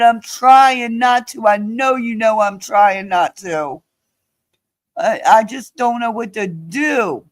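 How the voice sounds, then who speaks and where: A woman live-streaming in a heated, profane rant, upset and pleading with someone in her chat, sniffly from crying. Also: on the high side. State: sniffly, blowing nose.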